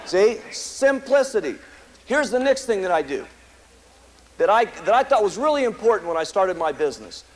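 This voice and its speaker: A man's voice: sits high, very animated, moderate pace, a little hiss or hum, low-quality recording. An American man giving an emphatic, repetitive motivational speech to a live audience at a company meeting, telling stories. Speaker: company founder speaking at a meeting.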